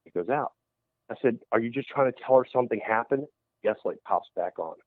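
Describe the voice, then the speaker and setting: A man's voice: medium pitch, a little fast, dry recording. Man telling a story over a tinny phone line. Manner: animated storyteller who acts out quoted voices. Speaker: paranormal investigator guest. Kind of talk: storytelling in a radio interview.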